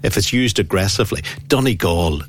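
A Northern Irish man from County Down hosts a radio chat in a studio. His pitch moves a lot as he talks. He is chatty and stumbles over the first word or two before a thought. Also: lively intonation, brisk, slightly rough. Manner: chatty, repeats words when starting. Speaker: radio host.

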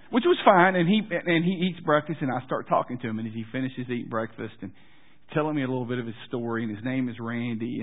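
A male pastor telling a story in a sermon, casual and self-deprecating, with halting restarts. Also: mid-range voice. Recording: tinny phone-like sound.

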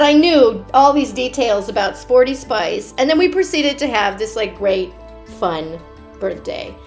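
A woman who works as a children's party performer, casually telling personal stories in an animated way and laughing often. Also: fairly high pitch, measured pace, faint music behind.

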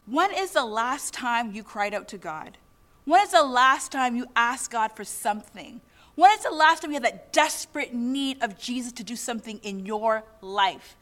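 Earnest woman preacher, higher voice. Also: fairly bright tone. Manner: earnest, asks the congregation many questions. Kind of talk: sermon.

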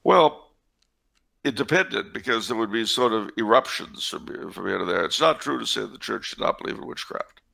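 A man with a deep-set, gravelly voice that is bright and forceful at once. He talks through church history in a casual way, wandering off into sardonic asides. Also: lively intonation, moderate pace. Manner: wry, digressive, sardonic asides. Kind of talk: casual discussion with digressions.

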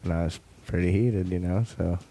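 A man's voice: deep voice, steady tone, brisk, mellow. A man co-hosting a podcast, chatting casually in a laid-back way with short replies and stories. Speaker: podcast co-host.

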